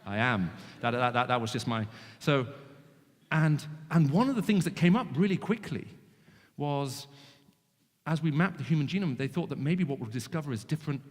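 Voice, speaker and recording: A man with a British English accent who grew up in the Middle East, giving an animated, joking evangelistic talk to students with frequent restarts. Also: on the high side, normal speed. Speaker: guest speaker. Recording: long hall reverb.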